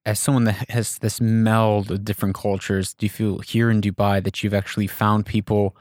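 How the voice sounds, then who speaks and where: A podcast host asking gentle, probing interview questions. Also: medium pitch, little pitch movement, moderate pace, dry recording, clean studio sound.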